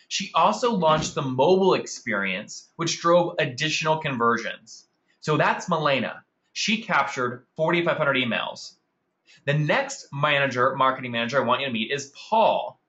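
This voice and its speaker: A man's voice: on the high side, pushed and bright, dull audio. A man hosting a marketing webinar, talking enthusiastically and calling out attendees by name. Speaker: webinar host. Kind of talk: upbeat marketing webinar presentation.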